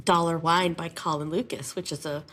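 Music teacher lady, chatty and emotional, lowish voice. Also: steady tone, normal speed, fairly bright tone. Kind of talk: interview.

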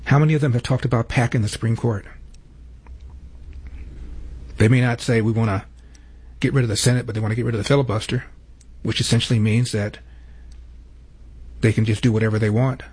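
Brief: man, political talk host, measured and pointed, husky voice. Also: mid-range voice, steady tone, a little mellow. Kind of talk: political commentary with played clips.

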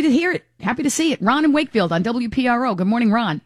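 A woman hosting a talk radio show, commenting in an animated, exclaiming way and taking calls. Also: mid-range voice, very fast, few pauses, slightly rough, dry recording, clean studio sound. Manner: animated, exclaiming, laughing between remarks.

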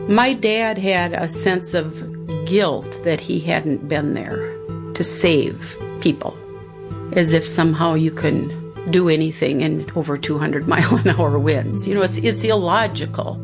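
Gravelly-voiced woman, reflective. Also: low-pitched, a little slow, music in the background. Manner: reflective, conversational, quotes others' words. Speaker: interviewee. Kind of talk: personal storytelling.

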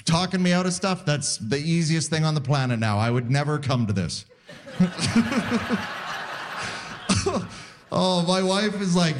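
Animated stand-up comic in his forties. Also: slow pace, long pauses. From Saskatoon, Canada. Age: 40s. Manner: animated, jumps into high squeaky voices for bits. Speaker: stand-up comedian. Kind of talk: stand-up comedy set. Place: live comedy venue with audience. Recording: live set with audible crowd noise.

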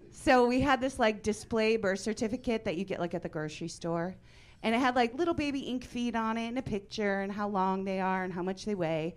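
In this stand-up set, a woman in her forties delivers stories in a flat, deadpan style punctuated by loud outbursts. She has a mid-range voice.

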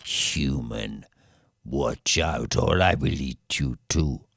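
A man voicing a huge, menacing male dragon in a low, quiet growl. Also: takes it slowly, creaky, breathy edge, dry recording, clean studio sound, full character voice.

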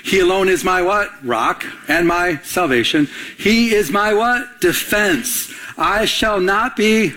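A man's voice: high voice, takes it slowly, hardly any pauses. A man pastor preaching a sermon, telling a story with acted-out dialogue and prompting the congregation to answer. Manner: animated storytelling, acting out both sides of a phone call; call-and-response prompts to the congregation.

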